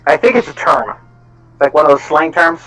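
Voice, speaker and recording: A man's voice: fairly high pitch, lively intonation, normal speed, bright, forceful tone, low-quality recording. A man playing in a tabletop game, chatting in a playful, joking way. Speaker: player. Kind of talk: casual chat at a game table.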